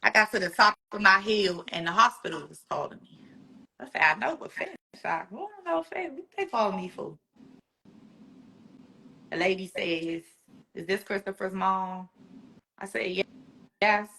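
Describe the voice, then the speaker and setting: A woman with a bright, forceful voice recounts a painful personal story. She tells it in an animated way and jumps into the voices of the people she quotes. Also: medium pitch, a little fast, vocal fry. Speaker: guest.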